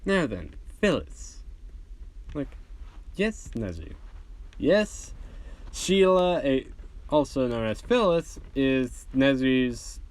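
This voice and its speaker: A man narrating a homemade fan-fiction story in a loose, rambling way, full of fillers. His voice sits in a middle pitch but moves up and down a lot. It sounds unscripted and conversational. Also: big pitch swings, slow, long pauses, a little mellow.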